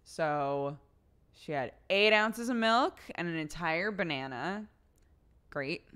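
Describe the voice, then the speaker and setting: A woman's voice: on the low side, animated, slow, a bit bright, clean tone. A young adult woman livestreamer telling a story in casual chat, swearing freely along the way. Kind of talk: casual chat to a live audience.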